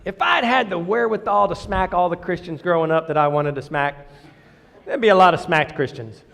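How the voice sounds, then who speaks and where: A man preaching a sermon in a church, talking in a lively, conversational way and joking with the congregation. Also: high-pitched, fairly quick, creaky, long reverb tail. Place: church sanctuary.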